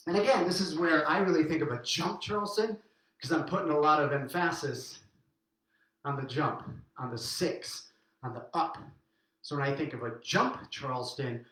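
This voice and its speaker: A man's voice: a little high, fairly bright tone. A middle-aged man teaching a swing dance lesson online, counting steps aloud while he dances, upbeat. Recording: very echoey room.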